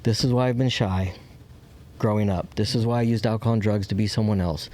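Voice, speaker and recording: Low, mellow-voiced man telling his story. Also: steady tone, a little fast. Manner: candid, acts out quoted voices. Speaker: podcast guest. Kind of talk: personal storytelling.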